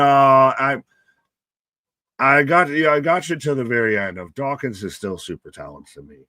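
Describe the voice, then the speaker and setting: A man's voice: on the low side, a bit bright, dry recording. A man hosting a casual live stream, calling the match play by play and reading chat comments aloud, loose and profane and often laughing.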